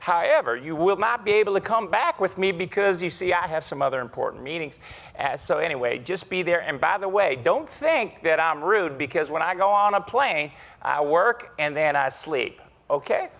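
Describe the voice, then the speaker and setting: A man's voice: on the high side, animated, normal speed, gravelly, a bit bright. A man doing an impression of his boastful, folksy business mentor while telling a story on stage.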